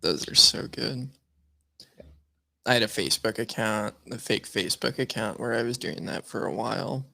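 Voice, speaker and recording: A man's voice: on the low side, moderate pace, vocal fry, sharp tone, dry recording, clean studio sound. A man co-hosting a podcast, trading sarcastic jokes in casual chat. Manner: sarcastic, joking banter. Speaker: podcast co-host.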